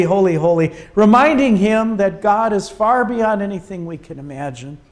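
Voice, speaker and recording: A man preaching a sermon, emphatic and dramatic, often dropping to a quiet, low delivery for weight. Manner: slow, emphatic preaching with dramatic drops in volume.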